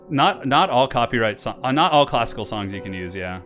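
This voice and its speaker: This man has a medium-pitched, fairly bright voice. As host and caster of a game tournament stream, he delivers relaxed live commentary, chatting, rambling, and laughing a lot, with classical music playing faintly in the background.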